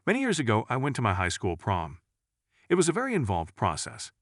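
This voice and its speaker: A man reading jokes aloud in a lively, storytelling way. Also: medium pitch, brisk, a little hiss or hum. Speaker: joke narrator. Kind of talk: scripted joke reading.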